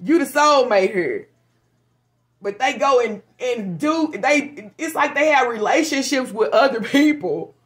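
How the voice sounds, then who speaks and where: A woman reads tarot for her viewers in a loose, chatty way. She talks frankly and curses freely, animated and quick to laugh, in a slightly high voice. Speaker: tarot reader. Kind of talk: casual tarot reading to viewers.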